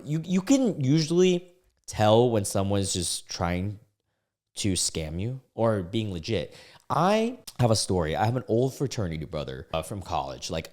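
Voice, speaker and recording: A young man hosting a casual online video, reacting to posts in a halting way and often stumbling and restarting his words. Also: deep voice. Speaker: YouTube reaction host.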